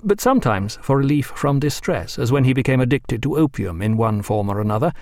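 A man reading a novel aloud as audiobook narrator, measured and even. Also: medium pitch, no echo, studio quality. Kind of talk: scripted narration.

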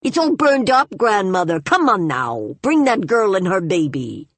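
Brash jeering woman in a storybook reading, put on by a low-voiced woman narrator, dry close sound. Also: very animated, a little slow, dry recording. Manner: jeering, humoring.

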